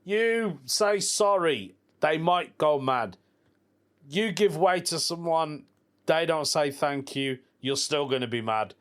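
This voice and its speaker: A man's voice: fairly high pitch, animated, slow. A man hosting a casual solo podcast, telling stories in informal slang and laughing at his own jokes. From England. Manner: informal slang like "proper" and "mate". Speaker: podcast host.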